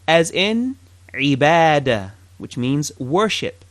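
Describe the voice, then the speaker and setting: A teacher leads a pronunciation drill at a very unhurried pace. The pitch rises and falls a lot as each syllable is stretched out and repeated. The teacher asks listeners to say it along and drops in small jokes. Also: sing-song. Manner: light, joking asides. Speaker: Arabic teacher. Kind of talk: recorded language lesson, pronunciation drill.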